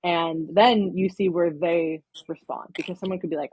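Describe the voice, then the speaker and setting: Low, husky woman explaining at length. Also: steady tone, normal speed, a little mellow, no echo, poor audio. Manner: explains at length, with many verbal fillers. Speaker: counseling intern, podcast guest. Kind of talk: casual podcast interview.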